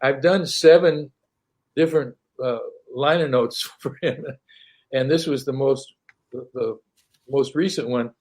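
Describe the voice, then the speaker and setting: Older man telling lively stories. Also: medium pitch, measured pace. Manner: animated, laughs often, repeats words. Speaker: interview guest, singer-songwriter. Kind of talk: casual storytelling.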